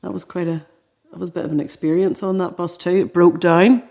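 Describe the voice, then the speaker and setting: An Irish woman, a musician and podcast co-host, chatting casually in a living room and telling a lively story with frequent laughs. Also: on the low side, brisk, gravelly. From Ireland. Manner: animated storyteller, laughs often. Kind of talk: casual chat.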